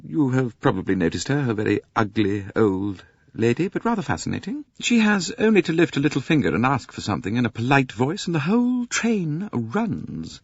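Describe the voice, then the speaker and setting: A man's voice: medium pitch, big pitch swings, a little fast, slightly rough, dry recording, pitched above the performer's own voice. A man voicing a composed, reserved young Englishwoman who speaks in a cool, detached, politely guarded way, in a dull dry recording.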